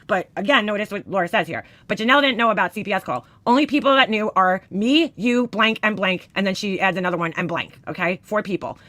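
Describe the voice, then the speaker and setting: A woman reading screenshots aloud in casual commentary, profane and exasperated, giving the quoted lines loud emphasis. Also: mid-range voice, quick pace, few pauses, no room sound.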